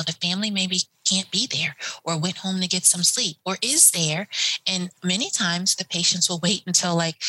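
A woman who works as a hospice nurse, telling a personal story in an animated way and acting out the voices of the people in it. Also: fairly low pitch, poor audio.

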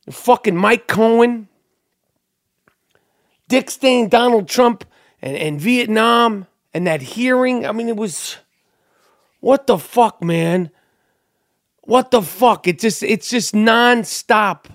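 A man in his forties hosting a podcast, ranting loudly and cursing often in an exasperated monologue. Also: sits high, takes it slowly, pauses often, no echo, studio quality. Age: 40s. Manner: loud, cursing, exasperated rant. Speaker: podcast host.

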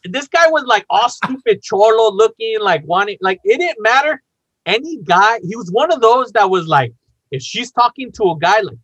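Man, podcast host, casual storytelling, swears a lot, fairly high voice. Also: moderate pace, husky, muffled recording. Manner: animated, acts out quotes, swears often.

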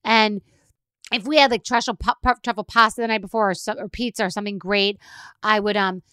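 A middle-aged woman hosting a podcast, telling a rambling, animated story full of asides. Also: medium pitch, fairly quick, clear, resonant tone, no echo, studio quality. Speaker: podcast host. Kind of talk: casual rambling monologue.

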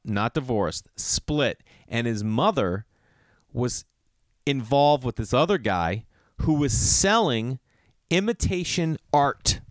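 A man in his thirties telling a long story in a casual, rambling way, full of slang and sudden high-pitched mock voices. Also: dry recording, studio quality. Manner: animated, slangy, jumps into mocking high voices when quoting.

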